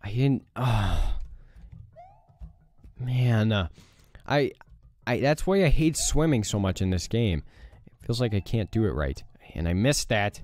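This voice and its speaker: A young man giving casual let's play commentary, reacting loudly to the game, groaning and swearing. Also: medium pitch, animated, a little slow, long pauses, soft background music. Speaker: gaming YouTuber.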